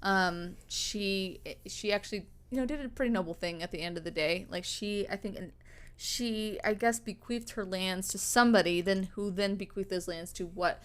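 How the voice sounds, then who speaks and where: A woman's voice: medium pitch, normal speed, clear, resonant tone. A young woman co-hosting a podcast, telling a story in a loose, rambling way, with lots of fillers and casual swearing. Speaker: podcast co-host.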